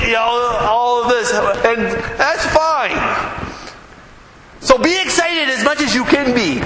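Man, pastor, lively sermon, high-pitched, echoey hall, noisy room. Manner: energetic, animated, acts out quoted people. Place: church sanctuary.

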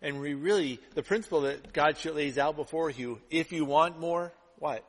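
Animated male pastor in a reverberant hall. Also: fairly high pitch, normal speed. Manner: animated storytelling, acts out quotes. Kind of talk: sermon.

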